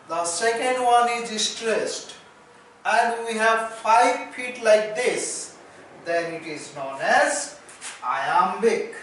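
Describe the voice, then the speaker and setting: A man's voice: extremely high pitch, fairly bright tone, far from the mic, a little hiss or hum. A man with an Indian English accent teaching a lesson, patiently repeating points and counting things off one by one. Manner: repetitive, counting and spelling out stresses. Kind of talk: slow classroom lecture. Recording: echoey room, voice from afar.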